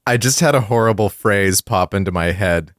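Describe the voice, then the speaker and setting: A man co-hosting a podcast, chatting casually with quick, jokey interjections. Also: lowish voice, no echo, clean studio sound. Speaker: podcast co-host. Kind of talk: casual chat.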